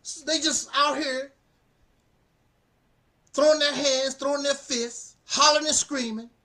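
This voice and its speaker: A man giving casual spoken commentary as a channel host, animated and preachy, often laughing and repeating phrases. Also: very high voice, measured pace.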